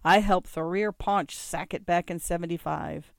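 A man doing a cackling old Viking raider from a storybook. He wheezes his lines with gleeful, knowing relish, in a slightly raised voice. The sound is smooth and dry, close to the mic. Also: high-pitched, steady tone, moderate pace, dry recording.

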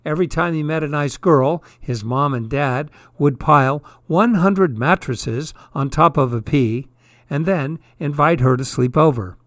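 A man reading comic, twisted fairy tales aloud in a deadpan, wry storytelling manner. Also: a little high, measured pace, no room sound.

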